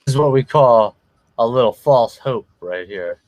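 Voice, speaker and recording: A man's voice: medium pitch, moderate pace, no echo. A man co-hosting a casual wrestling watch-along, joking around and laughing often. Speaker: podcast co-host.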